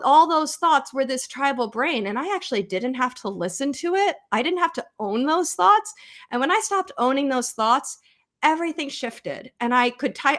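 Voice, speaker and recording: A woman's voice: high-pitched, fairly bright tone. An American woman in her thirties, a psychologist guest on a podcast, speaking candidly and conversationally as she retells her own thoughts. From United States. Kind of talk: podcast interview.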